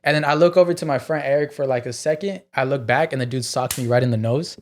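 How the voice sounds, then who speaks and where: A man's voice: mid-range voice, fast talker. A man guest comedian telling a rowdy story on a podcast, profane and packed with "like"s. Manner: profane, filler-heavy storytelling with many "like"s.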